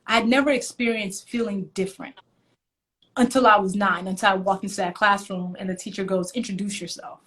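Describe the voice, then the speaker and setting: A woman's voice: medium pitch, fairly even intonation, fairly quick, fairly bright tone. A woman from Nigeria, a guest in a casual live video chat, telling personal stories and animatedly acting out her own past lines. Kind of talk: casual conversation, personal storytelling. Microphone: live video call.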